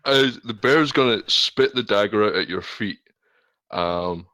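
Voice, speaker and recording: Deep slow-talking man describing a scene. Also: pushed and bright, no echo. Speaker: player. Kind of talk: describing a tabletop game scene.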